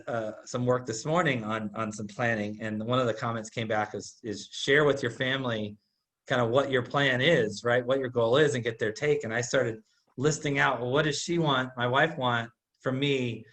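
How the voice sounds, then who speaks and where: A man's voice: medium pitch, steady tone, moderate pace, fairly bright tone. Male host, mid-range voice, reflective, rambling questions. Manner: reflective, asks long questions with filler words. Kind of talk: casual interview.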